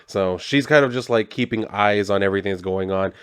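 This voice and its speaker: A laid-back man recapping a comic book in loose, casual talk with plenty of swearing. His voice sits low and sounds dry and close, with no room echo. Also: a little fast, smooth.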